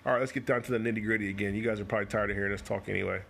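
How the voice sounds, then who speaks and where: The host of a bowling coaching show chats casually and jokes on a live stream while breaking down bowling shots, talking fast in spurts. His voice is fairly low, steady, creaky and fairly bright, with faint noise in the stream.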